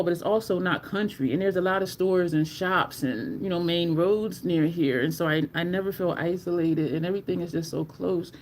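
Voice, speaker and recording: An animated, talkative livestream host chats casually with viewers at home. The voice sits at a mid pitch, and a faint hiss runs underneath. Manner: chatty and animated, addresses viewers as y'all. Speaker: livestream host reviewing makeup.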